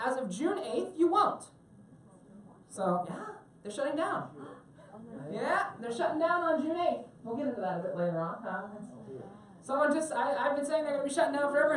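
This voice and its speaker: Woman running a phone class on a ship, jokey, quizzes the crowd, high-ish voice, sounds far off in a big echoey room. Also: a little hiss or hum. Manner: chatty and joking, asks the room questions. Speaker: tech class instructor. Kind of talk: lecture to a live audience. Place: lecture room on a cruise ship. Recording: very echoey room, mic at a distance.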